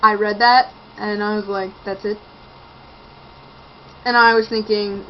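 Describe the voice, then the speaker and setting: A woman's voice: medium pitch, little pitch movement, measured pace, pauses often. A young woman casually reviewing a book on her vlog, sarcastic and ranting, mocking the lines she reads out. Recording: dull lo-fi home video with faint noise.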